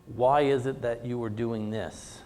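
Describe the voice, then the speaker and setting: A man's voice: medium pitch, steady tone, measured pace, warm tone, big-room sound. A man teaching a theatre class in a conversational lecture, full of "you know" fillers and paraphrased quotes. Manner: paraphrases characters in quoted speech. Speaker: theatre instructor.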